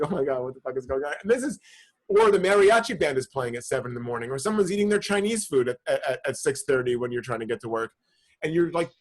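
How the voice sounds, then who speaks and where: A young man from the New York area telling a long profane story in casual podcast chat, full of restarts and "bro". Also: on the high side. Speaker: podcast co-host.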